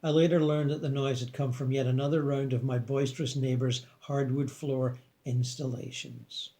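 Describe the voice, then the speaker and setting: Man reading a story in a mellow voice. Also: mid-range voice, flat delivery, normal speed. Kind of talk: scripted first-person narration.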